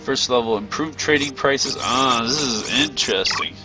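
A man's voice: medium pitch, moderate pace, over music. A tired man giving casual commentary while exploring a game, thinking aloud with many ums and hedges. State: yawning, tired. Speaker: gameplay video creator.

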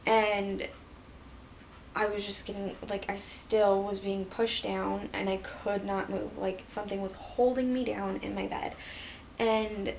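Flat-voiced woman telling a story. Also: mid-range voice. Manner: rambling, filler-heavy retelling. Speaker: vlogger. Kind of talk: casual storytelling. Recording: voice a bit far from mic, faint background hiss.

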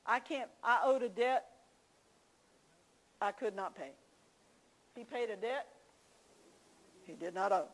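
A woman's voice: fairly high pitch, slow pace, long pauses, poor audio. A woman teaching a church class, telling homey stories with confiding asides. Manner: folksy storytelling, confiding asides.

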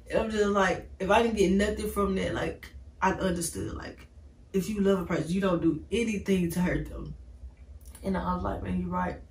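A woman's voice: mid-range voice, steady tone, moderate pace, a little mellow. Woman, vlogger, emotional storytime, talks right to viewers, roomy echo, distant mic. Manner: candid, rambling, leans on "like"; talks straight to viewers as "y'all".

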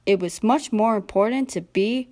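A woman's voice: medium pitch, normal speed. Young woman reading a children's storybook. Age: young adult. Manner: gentle, expressive read-aloud. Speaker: storybook reader. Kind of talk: scripted storybook narration.

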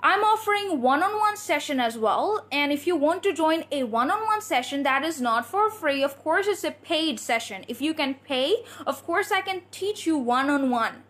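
A woman teaching English on a live stream, chatty, reading out viewer comments and drilling tongue twisters slowly. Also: high voice, lively intonation, a bit bright.

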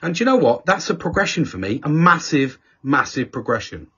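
A man's voice: a little high, big pitch swings, fairly quick, a bit bright, slightly rough. A man telling personal stories in a candid conversational chat. He swears constantly and often restarts his sentences. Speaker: podcast guest speaker. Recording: dull lo-fi audio.

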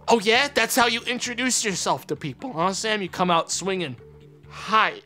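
A man's voice: sits high, expressive, moderate pace, pushed and bright. A young man streaming a kids' game, sarcastic and profane, mocking the characters. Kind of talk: casual let's-play commentary. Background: game music.

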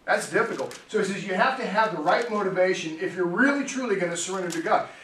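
High-voiced man preaching in an echoey church. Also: animated, fast, fairly bright tone. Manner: chatty, storytelling preacher who laughs often. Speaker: pastor. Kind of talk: sermon. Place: church sanctuary. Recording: echoey church hall, distant mic, faint noise.

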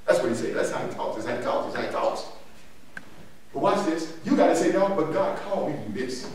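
Brisk and often pausing, this male pastor speaks in a high voice with huge pitch swings. He leads call-and-response Bible teaching in a church sanctuary, stressing points emphatically, repeating himself and laughing between them, captured from afar in an echoey, somewhat noisy room.

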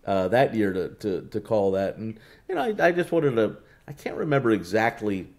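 A man, a horse racing announcer, telling stories in a relaxed interview, with many restarts and fillers. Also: lowish voice, moderate pace. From United States. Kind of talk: casual interview talk.

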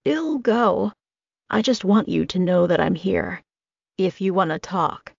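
A tender young man with a hushed, confiding manner, put on by a woman narrating an audiobook. The voice sits low with a gravelly grain. The recording is muffled and dry. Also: expressive, a little slow, no echo, heavily acted. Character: tender young man, soft-spoken and caring.

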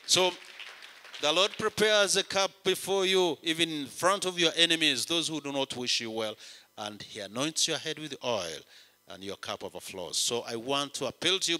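A man preaching a sermon as a bishop, with a rhythmic, repetitive cadence that rises for emphasis and drops to a hush. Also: a little high. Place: chapel. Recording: long chapel reverb.

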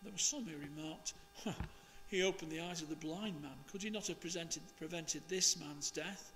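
A man, a priest, reading the Gospel and preaching in a slow, measured, expressive way. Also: a little high, long reverb tail, a little hiss or hum.

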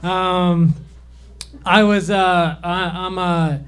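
A man's voice: high-pitched, fairly even intonation, drawn-out words, smooth. A young man doing a rambling, self-deprecating stand-up set on a comedy club stage, with plenty of fillers and restarts.

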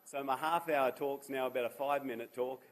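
Self-deprecating humour runs through this seminar talk by a charity founder, an Australian man in his fifties. His mid-range voice holds a steady tone at a fairly quick pace. The recording is rough, with slight background noise.

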